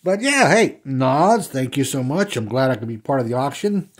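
A man in his fifties at home, talking through an unboxing of die-cast cars in a relaxed, rambling way, with plenty of ums and uhs. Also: medium pitch, normal speed. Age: 50s. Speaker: die-cast car collector and customizer. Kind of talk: casual unboxing vlog. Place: indoors at home.

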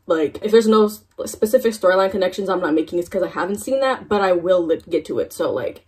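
Husky-voiced young woman gushing over k-pop on her phone cam, kinda tired voice, says like a lot. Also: medium pitch. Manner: gushing, fangirling, lots of "oh my god" and "like". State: voice tired after waking early. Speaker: K-pop reaction youtuber. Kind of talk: excited reaction vlog chat. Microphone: phone camera.

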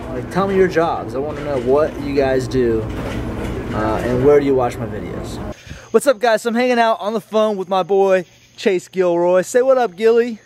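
A man vlogging casually into a handheld camera, excitable and rambling, quick to laugh. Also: a little high, background noise. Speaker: YouTube prank vlogger.

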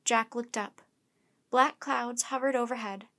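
Woman, storyteller, children's book reading, gentle, measured, fairly high voice. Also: steady tone.

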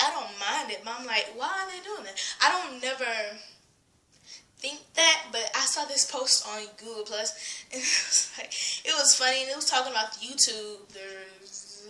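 Teen girl vlogging, bright high voice, tons of likes and ums, kinda echoey room. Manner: rambling, filler-heavy, giggly, drops to whispers. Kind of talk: casual vlog rant.

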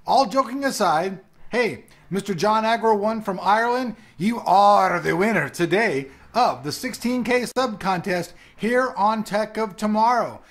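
A man hosting a tech channel who announces a contest winner in a joking, loud and theatrical way. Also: sits high, animated, measured pace, few pauses. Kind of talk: playful announcement.

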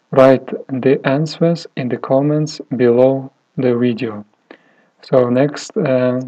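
Slow, mellow-voiced male teacher. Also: mid-range voice. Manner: slow, deliberate, with many fillers and pauses. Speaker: English teacher. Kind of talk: slow phonics lesson. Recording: dull lo-fi audio.

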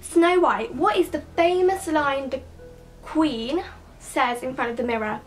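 Chatty high-voiced woman vlogger. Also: measured pace, faint music behind. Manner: chatty, emphatic, full of "like". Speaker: YouTuber. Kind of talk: casual vlog chat.

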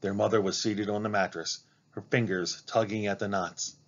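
A man reading a children's novel aloud, narrating in an expressive, dramatic way. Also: fairly low pitch, moderate pace, lo-fi sound. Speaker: reader. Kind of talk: storybook read-aloud narration.

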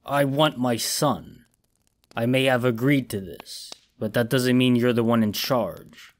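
A man's voice: mid-range voice, fairly even intonation, unhurried, close to an everyday voice. A man voicing a furious army general who speaks bluntly with a growl. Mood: angry.

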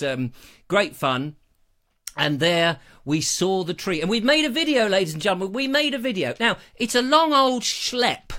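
A man's voice: on the high side, bright, forceful tone. A middle-aged man hosting a casual live chat, jokey and theatrical, on a lapel mic. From England. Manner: theatrical, jokey, slips into funny voices. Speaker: host of an explorer channel.

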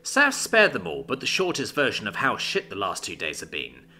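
A man narrating a fantasy story in an expressive storytelling manner. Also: on the low side, normal speed. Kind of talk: scripted narration.

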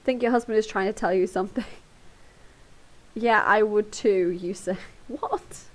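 A woman's voice: mid-range voice, unhurried. A woman livestreaming a text adventure from home, reading the story aloud while laughing and swearing freely into a headset mic. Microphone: headphones with a microphone.

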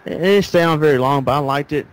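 A man hosting a casual talk show, rambling through stories and acting out what people said. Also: fast. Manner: rambling storyteller, acts out quotes. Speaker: podcast host. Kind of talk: casual chat. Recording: faint background noise, low-quality audio.

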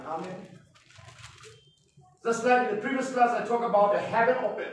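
High-voiced preacher in an echoey room. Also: male voice. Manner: emphatic, peppers speech with amen and hallelujah; reads scripture verses slowly and deliberately. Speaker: Bible teacher and pastor. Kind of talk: preachy Bible class lecture. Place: classroom. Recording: echoey room from far off, faint noise.

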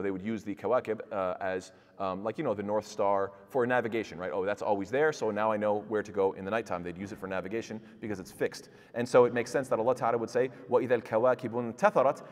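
Man, quick-paced Quran lecture, rhetorical questions, reverberant mosque hall. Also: medium pitch. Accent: recites Arabic verses in classical pronunciation. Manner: explains with rhetorical questions to the audience. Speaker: Quran teacher. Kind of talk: tafsir lecture.

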